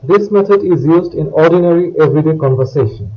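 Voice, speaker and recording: Speaking quickly in a fairly high voice, this man teaches French in a scripted way, explaining each point and voicing phrases for the listener to say back. The audio is muffled.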